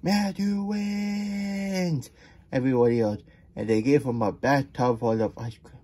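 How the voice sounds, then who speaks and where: A man's voice: mid-range voice, steady tone, fast, dark tone, breathy edge. A man reading a children's picture book aloud for nap time, stopping for chatty asides about himself in the third person. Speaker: children's story reader.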